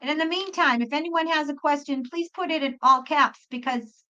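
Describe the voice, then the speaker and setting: A woman doing a live-stream tarot reading, talking earnestly with halting restarts. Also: high-pitched, pushed and bright, muffled recording. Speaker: tarot reader.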